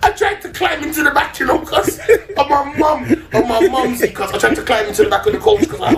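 A man with an English accent and London street slang, telling a comic story loudly, often shouting and laughing. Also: very high voice, big pitch swings, fairly quick, creaky, hardly any pauses, loud music behind the voice. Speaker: podcast guest telling a story. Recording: echoey room with crowd noise.

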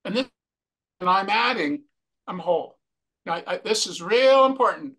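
A man leads a mindfulness workshop, walking through his slides at a slow, reflective pace. His voice is bright and clear, and he comes back to key phrases again and again. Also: high-pitched, lively intonation. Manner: slow, repetitive, reflective delivery. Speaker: wellness workshop presenter.

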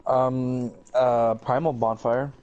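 A young man chatting casually while playing an online co-op game, offhand and distracted, talking fast in bursts. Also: medium pitch, little pitch movement, darkish tone, lo-fi sound. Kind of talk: casual gaming chat.

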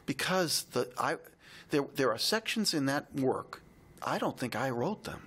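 A man co-hosting a podcast, telling a heartfelt personal story in a reflective, halting way. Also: medium pitch, big pitch swings, a bit bright, slightly rough. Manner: reflective, halting, emotional retelling.

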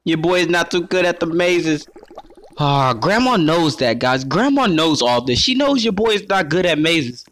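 Excitable young-sounding gamer guy, fairly high voice. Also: normal speed. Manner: excitable, calls himself "your boy", keeps addressing viewers as guys. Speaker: gaming YouTuber. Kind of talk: let's play commentary.

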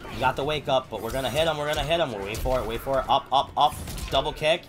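A man streaming a fighting game, cursing at his opponent and calling out his button inputs in quick bursts. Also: mid-range voice, faint music behind. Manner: profane, yelling at the opponent. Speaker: gamer streamer. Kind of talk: live gameplay commentary.

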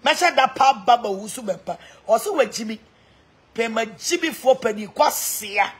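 A woman's voice: fairly high pitch, animated, moderate pace, slightly rough. A Ghanaian woman mixing Twi and English in a mocking, laughing rant, taunting people online. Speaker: social media personality. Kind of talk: mocking live-stream rant.

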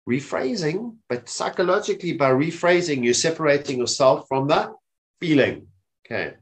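A man presenting a casual webinar on mental health, often checking in with his listeners by asking "okay?". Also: medium pitch. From South Africa. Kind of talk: informal talk on mental health. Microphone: webinar microphone.

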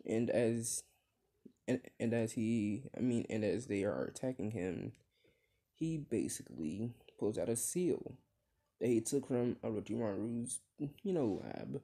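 Slow, mellow-voiced rambling male storyteller. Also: lowish voice, lively intonation, gravelly. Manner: rambling, many fillers and restarts, swears at slips. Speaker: fan-fiction storyteller. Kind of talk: casual storytelling.

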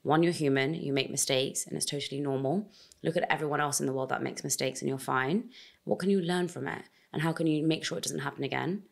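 A young woman talking in a casual interview, expressive and animated as she speaks her mind. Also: sits low, fast talker, creaky. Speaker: podcast host, guest.

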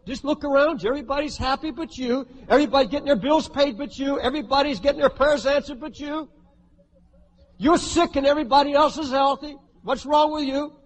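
A man's voice: extremely high pitch, pitched above the performer's own voice. A man voicing an accusing, belittling male devil who rattles off relentless put-downs. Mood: needling. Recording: reverberant hall with faint ambience.

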